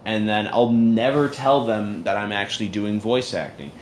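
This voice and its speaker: A man's voice: lowish voice, moderate pace, a little hiss or hum. A man hosting a casual audio chat, rambling in an ironic, self-mocking way. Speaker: host of an audio chat room.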